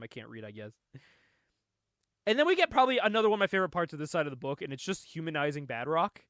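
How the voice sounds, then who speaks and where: Male podcast host, casual and sarcastic, laughs constantly, very animated pitch. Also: quick pace, no echo, studio quality. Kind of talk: casual comic book discussion.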